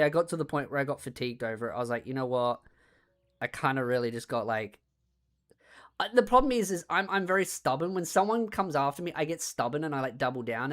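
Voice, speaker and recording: A woman streamer in casual chat on a desk mic, retelling things in a rambling, animated way. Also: extremely low pitch.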